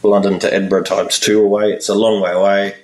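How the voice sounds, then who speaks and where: A man with a lowish voice tells a long story in a relaxed interview, putting on the voices of the people in it. The sound is roomy, with echo, and he sits a little back from the mic. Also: quick pace, far from the mic. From Australia. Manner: animated storyteller, acts out voices in his anecdotes. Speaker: guest musician.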